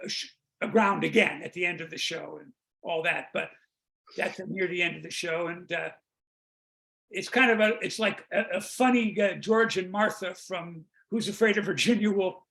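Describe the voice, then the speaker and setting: Brief: older male comedy writer, high and gravelly, rambling storyteller on a video call. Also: a bit bright. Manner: rambling storyteller, restarts, quick jokes. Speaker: guest, comedy songwriter. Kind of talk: casual interview chat.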